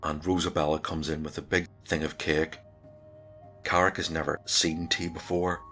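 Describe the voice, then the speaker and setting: Deep-voiced man narrating a tabletop game. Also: normal speed, soft background music. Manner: relaxed, conversational storytelling.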